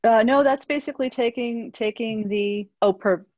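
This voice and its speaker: A woman's voice: fairly high pitch, normal speed, a little mellow, dry recording. A woman answering audience questions in a webinar, hesitant, with many fillers and restarts. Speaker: industry analyst answering questions. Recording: dull lo-fi webinar audio.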